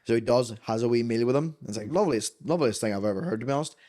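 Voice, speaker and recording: A man's voice: mid-range voice, rapid-fire, warm tone. A young man with a Northern Irish accent, a co-host in casual chat, telling sweary stories and acting out the quotes.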